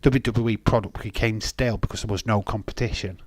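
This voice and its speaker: A man's voice: lowish voice, steady tone, fairly quick, husky, dry recording. A man with a Yorkshire accent hosting a live watch-along, chatting casually with opinions and frequent laughs. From Yorkshire, England. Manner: chatty and opinionated, laughs often, jumps between topics. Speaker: livestream watch-along host. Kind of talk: casual live reaction chat.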